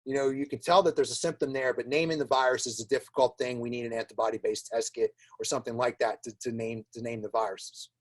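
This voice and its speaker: A man's voice: mid-range voice, steady tone, fast talker, hardly any pauses. A man giving an informal webinar lecture on plant diagnostics, chatty and wry, full of fillers and repeated words. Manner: wry, laughs at his own jokes.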